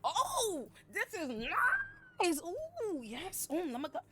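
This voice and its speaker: A woman's voice: huge pitch swings, slow pace, sharp tone, heavily acted. A woman voicing a cocky, crude commoner man who acts grand and talks in a gushing, taunting way. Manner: high, gushing, mocking.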